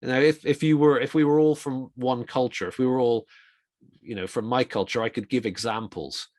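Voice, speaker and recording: A middle-aged man giving an informal, reflective talk on communication for ministry, with quick asides. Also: medium pitch, fairly even intonation, darkish tone, no echo, clean studio sound. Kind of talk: conversational talk.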